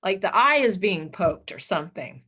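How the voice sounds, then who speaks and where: Blunt, animated woman teacher telling a story. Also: medium pitch, normal speed, slightly rough. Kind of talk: storytelling lecture.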